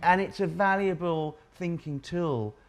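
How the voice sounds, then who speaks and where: A man's voice: a little high, unhurried, crowd noise. Thoughtful English man, reflective. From England. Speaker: co-host. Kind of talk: casual panel chat.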